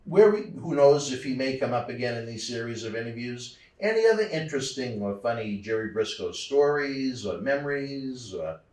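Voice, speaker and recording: A man's voice: medium pitch, expressive, moderate pace, hardly any pauses, darkish tone. A man hosting an interview, asking friendly questions and offering brief affirmations. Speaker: interviewer, host. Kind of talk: casual interview. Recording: echoey room, distant mic.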